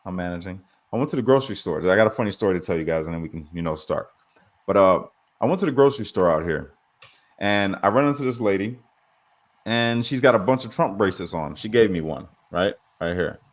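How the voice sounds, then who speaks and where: A man's voice: lowish voice, expressive, quick pace. A man hosting a podcast, tired, telling a story in casual chat and swearing freely. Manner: swearing, laid-back storyteller. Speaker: podcast host.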